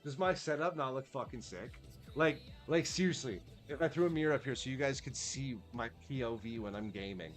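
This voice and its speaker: A man's voice: mid-range voice, fairly quick, faint music behind. A man chatting casually on a livestream, laid-back and swearing freely, often restarting his sentences. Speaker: streamer.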